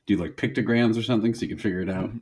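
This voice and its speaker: A man's voice: on the low side, racing, a little mellow. A man co-hosting a comedy podcast, riffing on jokes in casual banter. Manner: jokey riffing, mock voices. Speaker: podcast co-host.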